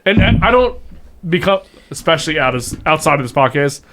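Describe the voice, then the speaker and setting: A man with a high voice who talks hesitantly and fills his speech with "like." He is self-deprecating in loose podcast banter. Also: expressive, brisk, fairly bright tone. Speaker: guest podcast host.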